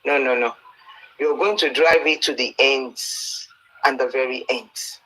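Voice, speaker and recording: Earnest Nigerian male preacher, bright and pleading, recorded as a dull lo-fi voice note. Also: medium pitch, unhurried. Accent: Nigerian, Yoruba-speaking. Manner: earnest, pleading, preachy, with Bible quotes and stories. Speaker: preacher addressing a campaigner. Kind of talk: exhortation mixing English and Yoruba.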